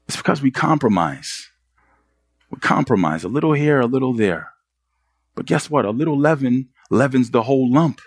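A man's voice: mid-range voice, no echo, studio quality. A man preaching a sermon as pastor, pressing the congregation with earnest rhetorical questions.

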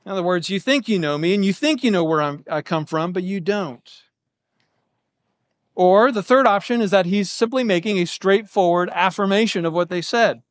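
A man with a high voice gives a verse-by-verse Bible teaching, walking through each reading of the text point by point. He sounds close and dry, with no room sound around him. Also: normal speed, dry recording. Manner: explanatory, lays out options step by step.

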